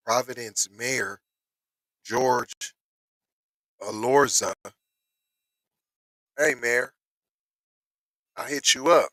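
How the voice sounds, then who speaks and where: A man reads news aloud and riffs on it in loose, slangy commentary. His voice is bright and forceful, his delivery unhurried but prone to excited bursts. He is recorded on a close mic in a dry, deadened room. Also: mid-range voice, no echo, low-quality recording. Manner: animated, slangy, breaks into excited outbursts. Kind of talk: casual reaction commentary.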